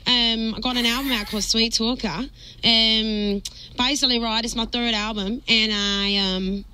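Woman in a radio studio messing around with fake accents, bright high voice. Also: steady tone, moderate pace, slight background noise, rough recording. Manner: playful, switching between put-on accents. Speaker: singer guest on a radio show. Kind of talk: playful radio interview. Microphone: studio mic and headphones.

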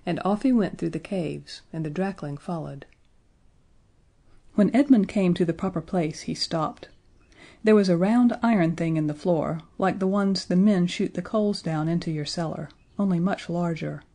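A woman narrating a children's audiobook in a gentle, expressive way. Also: lowish voice, normal speed.

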